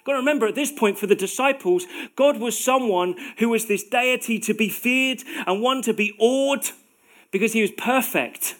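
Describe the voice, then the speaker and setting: A man's voice: very high-pitched, normal speed, a bit bright. A man in his forties preaching a sermon in a conversational way, with self-deprecating humor.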